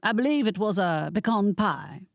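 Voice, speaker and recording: A woman's voice: medium pitch, lively intonation, moderate pace, dry recording, dull audio, close to an everyday voice. Woman voicing a male rabbit, British accent, formal, courteous, storybook audiobook. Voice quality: polite, formal.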